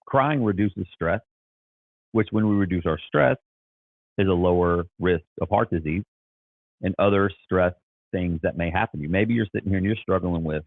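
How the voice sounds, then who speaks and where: A man's voice: deep voice, no echo, phone-quality sound. A man talking as a Christian life coach, earnest and encouraging, often repeating and restarting his words. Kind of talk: casual motivational talk.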